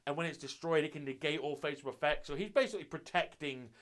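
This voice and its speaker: A man's voice: a little high, fast talker, a bit bright. A young man talking through an anime review in an offhand, sweary way, often restarting his sentences. His voice sits a little above the usual male range. The delivery stays casual and unscripted throughout. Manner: loose and sweary, with frequent restarts. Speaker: anime reviewer and channel host.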